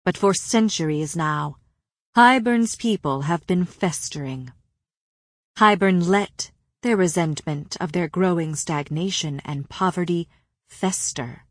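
A woman reading an audiobook, voicing an ancient, sharp-tongued female fae with clipped, contemptuous speech. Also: fairly low pitch, slow pace, dry recording, clean studio sound. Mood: scornful. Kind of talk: audiobook character voice.

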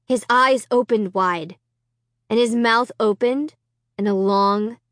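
A woman narrating an audiobook with expressive, dramatic storytelling. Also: on the high side, slow pace, no echo, clean studio sound.

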